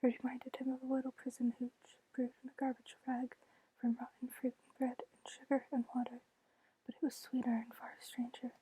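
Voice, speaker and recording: A woman reading a novel aloud in a soft unvoiced whisper, whispered role-play style. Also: high-pitched, monotone, moderate pace, breathy edge, rough recording. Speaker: ASMR book reader.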